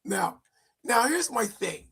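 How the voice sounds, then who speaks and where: A man with a high, gravelly voice co-hosts a relaxed faith discussion. He jokes, cuts in over the others, and talks with a husky edge. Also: takes it slowly. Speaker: podcast co-host. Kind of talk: casual chat.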